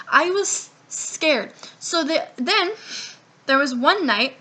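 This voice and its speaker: A young woman talks straight to camera in a casual storytime vlog, her voice pitched high and sounding bright and clear. She rambles through a long personal story, swears freely and acts out the lines of everyone involved. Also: unhurried, slight background noise. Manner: profane, rambling, animated retelling with quoted dialogue. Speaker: vlogger.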